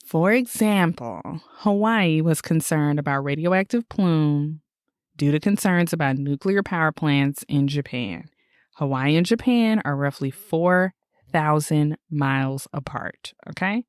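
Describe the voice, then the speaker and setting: A woman co-hosting a casual podcast, talking in exasperated, animated rants with swearing. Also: sits low, measured pace, clean tone, dry recording, clean studio sound. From Michigan, USA. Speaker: podcast co-host.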